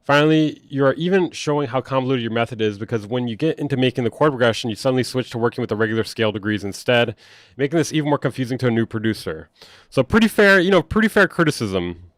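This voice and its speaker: Picking apart online drama on a relaxed livestream, this young music producer is animated and quick, sarcastic and blunt, and swears a lot. He speaks at a typical middle pitch, and the sound is close and dry with no echo.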